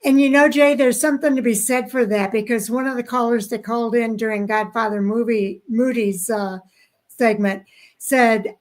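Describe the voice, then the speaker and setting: A woman's voice: a little high, fairly even intonation, normal speed. A woman hosting a radio talk show, steering the conversation.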